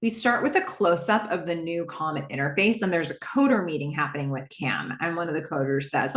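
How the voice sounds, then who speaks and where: A woman's voice: low-pitched, animated, fairly quick, few pauses. A woman hosting a podcast, chattily recapping a TV episode with rambling asides and fillers. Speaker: podcast host. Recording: roomy echo.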